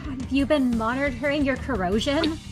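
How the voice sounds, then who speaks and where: A woman playing a tabletop game who describes her moves briskly. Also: high voice, over music. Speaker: player. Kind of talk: casual tabletop play.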